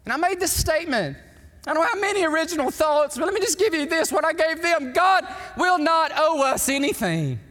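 A male pastor, preaching an emphatic, animated sermon in a church sanctuary. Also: very high-pitched, a little fast. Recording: long hall reverb.

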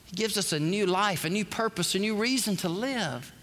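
Male pastor, high pitched, animated storyteller, booming hall reverb. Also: normal speed. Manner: animated storytelling, acts out quotes. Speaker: preacher. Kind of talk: sermon.

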